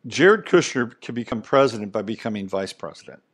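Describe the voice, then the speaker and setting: A man's voice: fairly low pitch, animated, a little fast. Male podcast host, middle-aged, casual emphatic monologue with asides. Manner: rambling, emphatic, conversational, with frequent asides.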